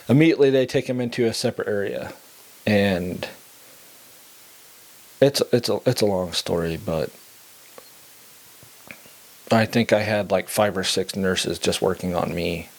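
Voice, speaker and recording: A young adult man telling a personal story in a casual way. He laughs between lines and turns low and quiet in the somber parts.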